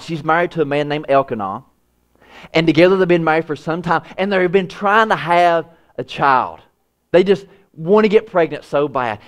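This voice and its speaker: A man preaching a sermon, voice rising high when he acts out prayers and dropping low and soft for quiet lines. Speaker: pastor.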